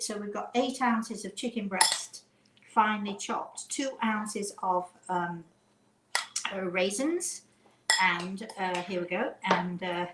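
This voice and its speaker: A woman's voice: medium pitch, fairly bright tone, slight background noise. A woman hosting a casual home cooking demonstration, chatting as she measures by eye. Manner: chatty, eyeballing amounts aloud. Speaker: cooking show host. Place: home kitchen. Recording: echoey kitchen with clattering dishes.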